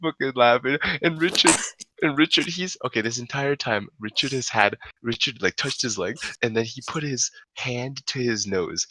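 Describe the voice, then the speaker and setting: A man's voice: mid-range voice, moderate pace, bright, forceful tone. A young man telling a long story to friends in a casual, profane way, laughing often. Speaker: storyteller on a podcast.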